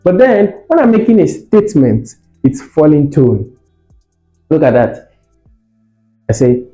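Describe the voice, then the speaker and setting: A lively male English tutor teaching an exam-prep lesson. His voice is mellow and swings up and down as he demonstrates tones. The room is echoey, with faint music behind him. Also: fairly high pitch, normal speed. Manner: lively teacher, demonstrates stress and rising tones, asks students questions.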